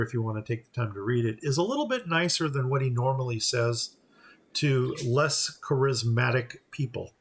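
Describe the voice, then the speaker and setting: A man giving casual let's-play commentary, explaining each step as he plays and now and then mock-voicing the characters. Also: mid-range voice. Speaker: gameplay commentator.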